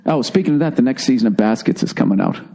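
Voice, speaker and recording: A man hosting a podcast, bickering with his wife in a profane, exasperated, rapid-fire way. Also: mid-range voice, expressive, gravelly, mellow. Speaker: podcast host. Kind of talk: casual argument with his wife.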